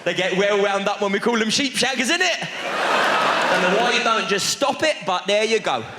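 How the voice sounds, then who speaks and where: A man's voice: high voice, expressive, moderate pace, heavy background noise. A man with a London accent doing stand-up crowd work with cheeky slang banter on a theatre stage. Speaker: stand-up comedian. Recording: live theatre, loud crowd, reverb. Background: audience laughter and applause.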